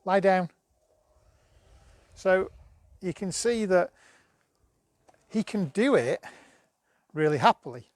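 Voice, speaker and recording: Chatty dog trainer, higher man's voice. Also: big pitch swings, takes it slowly, dry recording. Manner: chatty, coaxing, bursts of high praise to the dog. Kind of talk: live-streamed training demo.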